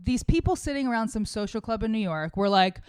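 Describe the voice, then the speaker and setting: A woman's voice: a little high, lively intonation, fairly quick, clear, resonant tone. Rambling, profane woman co-hosting a podcast. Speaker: podcast co-host. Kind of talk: casual chat, explaining a topic from notes.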